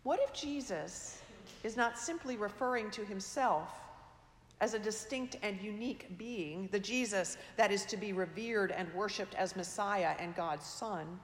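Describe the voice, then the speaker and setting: A woman preaching a sermon in a slow, measured, reflective way, her phrase endings trailing off softly. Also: mid-range voice. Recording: echoey hall, long reverb.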